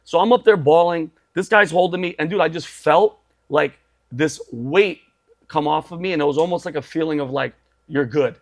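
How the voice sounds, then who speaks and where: A man's voice: on the high side, moderate pace. A man in his forties telling his story as a podcast guest, emphatic and repetitive, saying "bro" and "dude" often. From Assyrian family. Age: 40s.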